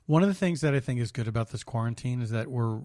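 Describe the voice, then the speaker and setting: A man's voice: mid-range voice, expressive, fast, dark tone, dry recording. A man co-hosting a podcast in casual chat, bantering in a dry, teasing way. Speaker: podcast co-host.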